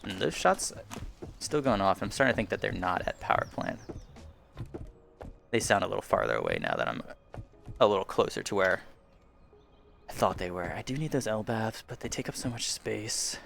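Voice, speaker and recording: A man with a low, gravelly voice talks through his VR shooter raids in a loose, rambling way, poking fun at himself and chuckling now and then. He speaks into a headset mic at home, with faint game sounds underneath. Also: very animated, moderate pace, long pauses, fairly bright tone, a little hiss or hum. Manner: rambling, self-deprecating, chuckles often. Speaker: gaming YouTuber. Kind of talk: casual VR gameplay commentary. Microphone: headset boom mic.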